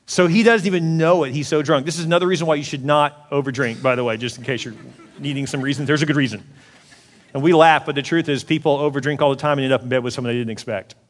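A man in his forties preaching a sermon as a pastor, telling the story in an animated way and acting out the voices. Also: fairly high pitch, quick pace, big-room sound. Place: church auditorium.

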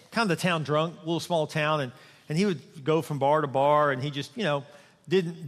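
Preaching in a church sanctuary, this male pastor has a voice on the high side with a fairly bright tone, and a long reverb tail follows his words. He keeps the sermon conversational and funny, frequently questioning the congregation.

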